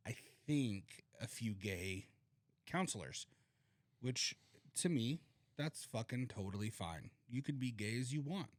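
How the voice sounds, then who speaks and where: A man's voice: medium pitch, no echo, clean studio sound. Swearing, laughing man on a podcast. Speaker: podcast co-host. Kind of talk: casual chat.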